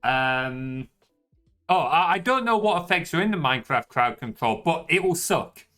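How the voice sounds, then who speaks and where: A man's voice: a little high, lively intonation, moderate pace, bright, forceful tone, soft background music. A young man with a Yorkshire accent, chatting casually as a streamer, laid-back and swearing freely. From northern England. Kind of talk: casual chat.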